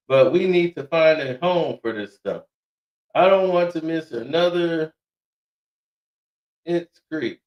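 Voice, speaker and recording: A man's voice: on the high side, expressive. Man in casual commentary, echoey lo-fi. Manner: reads quotes aloud, laughs often, quick asides. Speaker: commentator reading out messages. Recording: echoey room, dull lo-fi sound.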